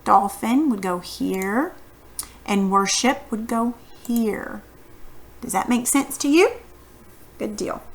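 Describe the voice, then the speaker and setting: A woman's voice: on the high side, slow, pauses often. A woman teaching a recorded phonics lesson, patiently asking questions and encouraging her students.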